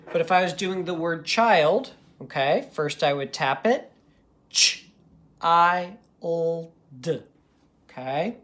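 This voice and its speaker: A man teaching a recorded phonics lesson for young students. He sounds out letters and words carefully and keeps checking in with a patient "okay?". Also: on the high side. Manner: slow, patient, ends most sentences with a checking "okay?".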